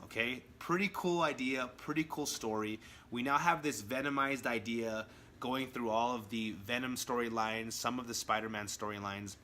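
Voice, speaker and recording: Male vlog host, casual comic review, eager and animated delivery, bright tone, faint hiss behind. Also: mid-range voice. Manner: enthusiastic, acts out quotes in character voices.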